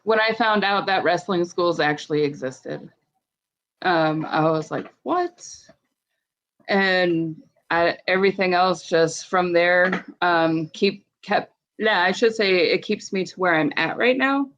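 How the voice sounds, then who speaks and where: A woman's voice: fairly low pitch, measured pace, fairly bright tone. A young adult woman, a wrestling promotion co-owner, talking bluntly and chattily with lots of fillers in a casual podcast interview. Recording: slightly dull lo-fi sound.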